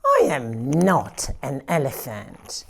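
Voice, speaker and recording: A woman's voice: very deep voice, animated, slow pace, creaky, background noise, pitched below the performer's own voice, full character voice. A woman voicing a small, stubborn male mouse in a children's picture book, insisting in a playful way that he is not an elephant. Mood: insistent.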